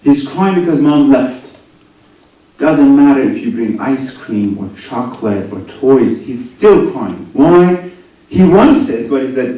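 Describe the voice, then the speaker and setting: A man preaching a sermon, swinging between loud rising lines and soft low asides, often asking the audience questions. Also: unhurried. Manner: animated, rising and dropping to near whispers, asks the audience questions. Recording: very echoey hall, voice from a distance.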